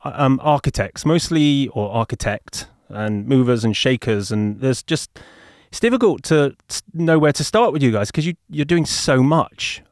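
A man's voice: medium pitch, animated, normal speed, few pauses, dry recording, studio quality. A man with an English accent hosting a podcast interview, chatty and jokey, often laughing. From England. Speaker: podcast host.

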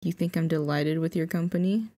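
A woman's voice: fairly low pitch, steady tone, fast talker, dark tone, lightly acted. A woman reading the lines of a cocky, moody young boy in a game, smug and lecturing.

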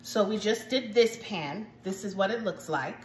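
A woman's voice: mid-range voice, animated, normal speed, background noise. A woman hosting a cooking channel, casually talking viewers through each baking step in a chatty way from her home kitchen. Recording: echoey room, faint ambience.

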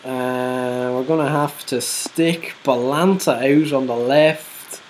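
A woman hosting a gaming channel, giving excited football game commentary, shouting player names and groaning at misses. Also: extremely low pitch, slow pace, slight background noise.

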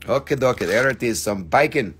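A husky, medium-pitched man hosts a live online crystal sale, chatting casually as he displays pieces and their prices. He swears, jokes around and breaks into short bits of song.

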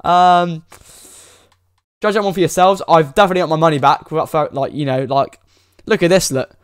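A young man giving excitable, pleading commentary while opening game packs, full of exclamations and slang. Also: on the high side, fairly quick, smooth, no room sound, studio quality. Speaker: gaming YouTuber.

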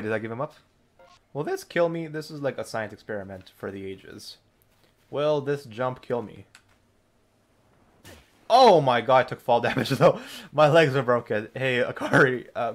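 A young gaming video creator with a medium-pitched voice gives excitable let's-play commentary, laughing often and breaking into loud outbursts while he plays.

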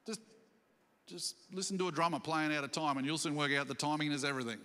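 A man preaching a sermon as senior pastor, animated and questioning the congregation, acting out scripture stories. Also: fairly high pitch, fast talker. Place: church hall. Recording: church livestream with long hall reverb.

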